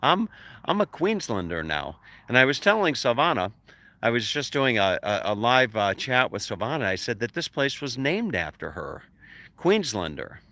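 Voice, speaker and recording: A man's voice: medium pitch, big pitch swings, normal speed, sharp tone. A man vlogging about his travels, rambling through a chuckling anecdote with many fillers. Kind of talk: casual storytelling to camera.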